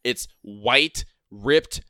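A man's voice: medium pitch, sharp tone, no echo, clean studio sound. A man co-hosting a podcast, ranting in a casual, emphatic way with lots of fillers. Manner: emphatic, fast and filler-heavy. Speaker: podcast co-host.

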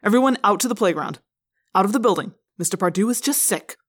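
A woman's voice: medium pitch, normal speed, darkish tone, husky, close to an everyday voice. A woman voicing a cold, commanding male assistant principal who barks curt orders in a storybook reading.

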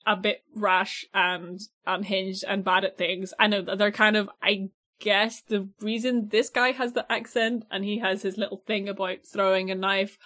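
A woman's voice: medium pitch, a bit bright. A young woman co-hosting a podcast in casual chat, swearing lightly and peppering her talk with "like". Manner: chatty, swears casually, laughs often, heavy use of "like". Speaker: podcast co-host.

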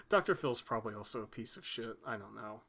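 A young man from Texas co-hosting a casual comedy podcast, rambling and joking and quick to laugh. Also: lowish voice, lively intonation, gravelly, bright, forceful tone. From Texas, United States. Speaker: podcast co-host.

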